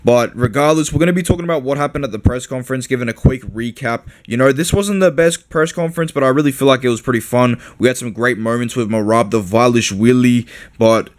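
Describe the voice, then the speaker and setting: A man riffs through a fight recap in a loose, slangy, cursing style, full of "you know" and "bro". His voice sits at an ordinary middle pitch and talks at an everyday pace. The delivery is casual rather than polished. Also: a little fast. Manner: loose, slangy and profane, frequent fillers. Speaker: MMA commentary host.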